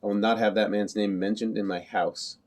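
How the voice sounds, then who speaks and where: A man's voice: lowish voice, level tone, close to an everyday voice. A man doing an angry, scolding father. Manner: sharp, scolding, faster. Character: angry exasperated middle-aged father.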